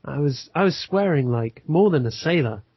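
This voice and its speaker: Man, casual podcast chat, rambling storyteller, flat dry room, lo-fi sound. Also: on the high side, moderate pace, breathy edge, no echo. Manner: rambling, self-deprecating storyteller. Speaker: podcast co-host.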